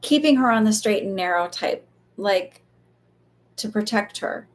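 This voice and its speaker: A woman's voice: medium pitch, expressive, measured pace. A woman talks her way through a live psychic reading in a chatty, casual manner. She fills her speech with "like" and "um" and lets the odd swear slip in. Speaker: psychic medium.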